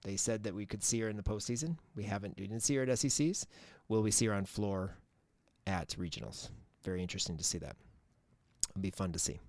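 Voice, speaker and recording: A man's voice: lowish voice, fast, a little mellow, no room sound. A man co-hosting a sports podcast in casual chat, rambling with many fillers and restarts. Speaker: podcast co-host.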